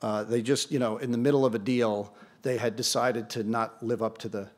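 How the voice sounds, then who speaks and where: A man in his sixties is speaking to an audience in an event hall, telling a story from the podium. His delivery is lively and conversational, and he breaks off for dry, self-deprecating asides. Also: mid-range voice, moderate pace. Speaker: award ceremony speaker. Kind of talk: anecdotal speech to an audience.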